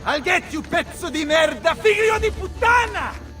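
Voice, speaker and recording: An actor with an Italian accent playing a boisterous, hot-tempered mercenary general in a game, blustering and shouting curses. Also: male voice, high-pitched, very animated, normal speed, recorded from a distance, over music. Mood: furious.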